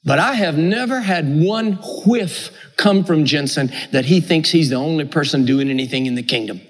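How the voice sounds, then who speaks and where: A man's voice: fairly high pitch, moderate pace, breathy edge. A man preaching a sermon with an emphatic, repetitive cadence. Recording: echoey hall.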